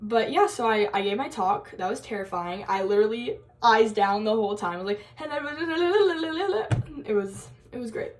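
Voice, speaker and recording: A woman's voice: mid-range voice, fairly quick, few pauses. A young woman telling a story in a casual college vlog, chatty and giggly, full of fillers and quoted asides. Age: young adult. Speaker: college vlogger.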